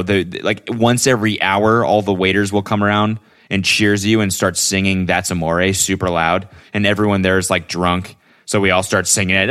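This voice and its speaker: Male podcast host with a very low voice, casual and rambling, swears freely. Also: a bit bright. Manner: rambling, profane, lots of fillers. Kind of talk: casual solo podcast monologue.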